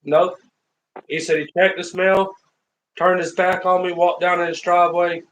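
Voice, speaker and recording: A man, his voice sitting a touch higher than most, tells a long story while driving. He circles back and repeats phrases as he goes. A faint hum runs under his voice. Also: level tone, normal speed, fairly bright tone, low-quality recording. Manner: rambling, repeats himself, acts out quoted lines. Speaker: live streamer. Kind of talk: casual storytelling. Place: in a car.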